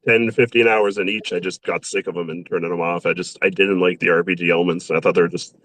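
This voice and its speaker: Deep husky laid-back male guest. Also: fairly even intonation, fast talker, fairly bright tone, no room sound. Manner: laid-back, laughs easily. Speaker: interview guest. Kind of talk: casual interview chat.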